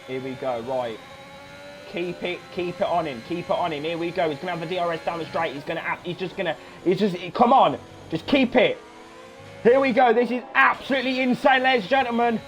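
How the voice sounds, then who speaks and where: Excitable high-voiced male race commentator. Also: a little fast, faint music behind. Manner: excitable, swears, shouts encouragement. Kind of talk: live sim-racing commentary.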